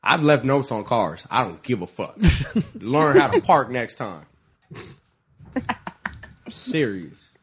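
A man with an ordinary mid-pitched voice, talking sports in a loose casual chat. He is blunt, swears freely and keeps a joking edge. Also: sing-song, slow, pauses often, background noise. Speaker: podcast co-host.

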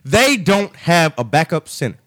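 A man's voice: a little high, sing-song, moderate pace, fairly bright tone. A man co-hosting a casual sports chat, ranting in an exasperated way. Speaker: sports podcast co-host.

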